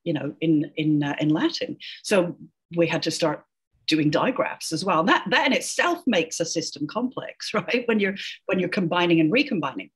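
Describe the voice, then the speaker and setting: A middle-aged woman, an educational linguist, chats as an interview guest in a casual conversation, explaining things with frequent laughter and ending her points with "right?". Her voice sits on the low side with a breathy edge, and she sounds animated at a normal speed.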